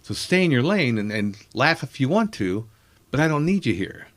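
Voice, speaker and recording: Male comedian, profane storyteller, mid pitch, very animated delivery. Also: normal speed. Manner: profane, animated, self-mocking. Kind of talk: storytelling in casual chat.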